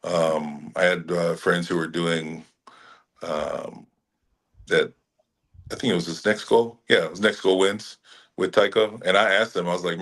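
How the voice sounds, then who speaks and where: A middle-aged man from Hawaii, an actor being interviewed, talking in a relaxed way with frequent laughs and restarts. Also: sits low, a little slow. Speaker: actor guest. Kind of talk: casual interview chat.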